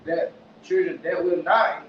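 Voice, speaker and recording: Halting male scripture reader. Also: a little high, fairly even intonation. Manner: halting, stumbling reading. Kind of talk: reading scripture aloud. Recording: echoey, distant, dull lo-fi with faint noise.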